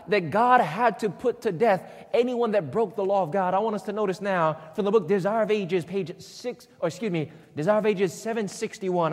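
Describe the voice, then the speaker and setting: Man, preacher, sermon, high voice, call-and-response, emphatic, long hall reverb. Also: a little mellow. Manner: call-and-response, asks the congregation questions; emphatic, repeating key phrases.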